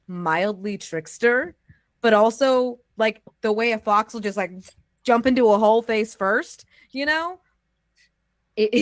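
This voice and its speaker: An American woman talks in a loose, gushing way, heaping praise on her fellow players with plenty of "like" and restarts. Her voice sits at an ordinary pitch, and the sound is dry and close, with no room around it. It has the feel of a friendly chat after a game. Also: no room sound. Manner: effusive, gushing praise with frequent "like". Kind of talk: casual post-game chat.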